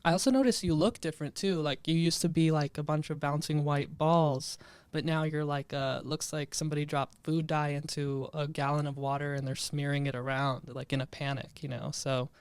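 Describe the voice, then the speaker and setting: A man's voice: a little high, fairly even intonation, brisk, clear, resonant tone, no echo. A man in his twenties hosting a podcast, talking casually and wryly, with plenty of 'like's. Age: 20s. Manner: casual, filler-heavy, wry. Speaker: podcast host. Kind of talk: casual chat.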